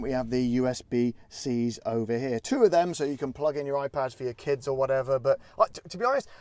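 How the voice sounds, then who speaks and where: A man's voice: mid-range voice, darkish tone, no echo. A man hosting a casual car walkaround review, rambling with jokey, self-deprecating asides. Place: in and around a parked car.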